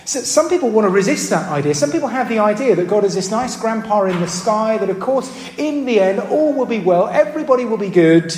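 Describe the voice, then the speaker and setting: In a church hall with roomy reverb, a man preaches an earnest, questioning sermon, often checking in with the congregation and asking them questions. His voice sits high, animated and a little mellow, moving a little fast with few pauses. When he restarts, he repeats words.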